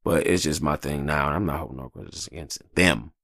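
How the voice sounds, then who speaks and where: Low gravelly man, rambling podcast talk. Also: brisk, no echo, clean studio sound. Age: adult, married with kids. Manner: rambling, profane, animated, jumps into high-pitched quoted voices. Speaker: podcast host. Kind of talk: casual solo podcast monologue.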